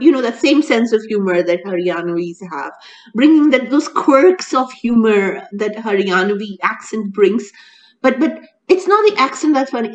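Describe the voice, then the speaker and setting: A woman co-hosting a casual chat, talking in an animated way with many restarts and laughs. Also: fairly high pitch, highs cut off. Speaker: co-host reviewing a TV serial.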